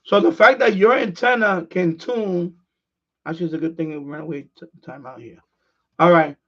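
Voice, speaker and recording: A man's voice: a little high, normal speed, fairly bright tone. A man hosting a ham radio live stream, talking viewers through a casual demonstration while he handles his gear, rambling and restarting his sentences. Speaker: ham radio livestream host. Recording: dull lo-fi stream audio.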